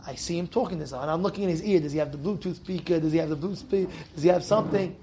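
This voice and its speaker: A young adult rabbi giving an animated, emphatic Torah lesson to young students, telling a story and repeating phrases for stress. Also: male voice, a little high, rapid-fire, noisy background. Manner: emphatic, repeats phrases, shouts in acted quotes.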